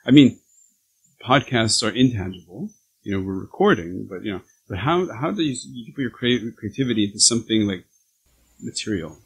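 A man hosting a podcast interview over a video call, talking in halting, restarting phrases that turn animated when he gets excited. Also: lowish voice, breathy edge, low-quality recording. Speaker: podcast host. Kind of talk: casual interview conversation.

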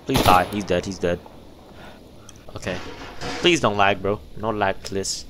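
A man's voice: deep voice, measured pace, heavy background noise. A young man giving casual, jumpy commentary while playing a game, often startled and calling everyone "bro". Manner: jumpy, easily startled, says "bro" constantly. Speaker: gaming youtuber.

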